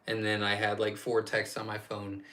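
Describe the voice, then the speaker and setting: A man's voice: lowish voice, monotone, normal speed, sharp tone. A man hosting a casual live-stream Q&A as a quail farm owner, chatty and rambling, reading viewer questions aloud and answering off the cuff.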